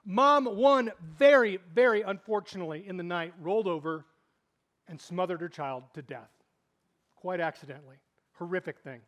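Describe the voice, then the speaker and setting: Male pastor, higher-pitched voice, animated sermon storyteller. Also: normal speed. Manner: animated storytelling, swinging between loud and hushed.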